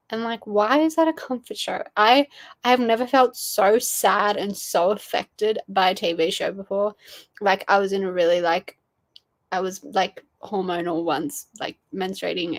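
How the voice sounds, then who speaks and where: A young woman, hosting a casual livestream, rambling and swearing casually while chatting with viewers. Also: medium pitch. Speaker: livestream host. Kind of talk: casual chat reading live chat.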